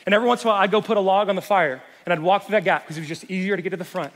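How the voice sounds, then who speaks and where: A man preaching a sermon as a youth pastor, animated, swinging from loud to hushed. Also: sits high, rapid-fire, big-room sound, slight background noise.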